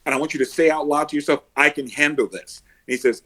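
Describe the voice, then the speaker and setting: A man working as an emotional success coach, a podcast guest who tells animated stories and acts out the people he coaches. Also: on the high side, fast. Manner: animated storyteller, acts out quotes and heroic laughs.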